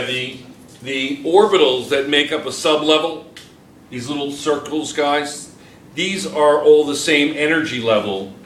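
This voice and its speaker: A man's voice: a little high, a bit bright, a little hiss or hum. An older man teaching a chemistry lesson to a classroom of students, teasing them between explanations. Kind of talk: classroom lecture.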